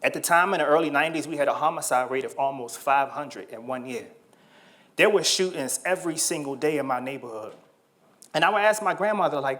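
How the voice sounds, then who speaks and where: Man telling a story in slow, measured phrases. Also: fairly high pitch, expressive. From Washington, D.C. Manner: measured, slow storytelling with dramatic pauses and soft, dropped lines. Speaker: speaker. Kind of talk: motivational storytelling talk.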